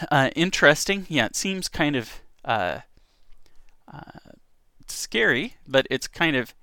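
A man's voice: medium pitch, gravelly, pushed and bright, no room sound, studio quality. A man hosting an online radio show, chatting casually and reading news items aloud, often stumbling and correcting himself.

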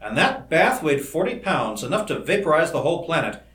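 A man reading the part of a calm, cautious male scientist in an audiobook, in a roomy-sounding recording. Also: fairly high pitch. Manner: measured and cautious. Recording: roomy echo.

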